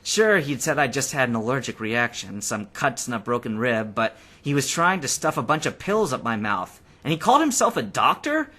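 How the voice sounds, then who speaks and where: Lively male fanfiction narrator. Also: mid-range voice, normal speed, hardly any pauses. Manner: lively, expressive reading. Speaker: audiobook reader. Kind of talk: first-person fanfiction narration.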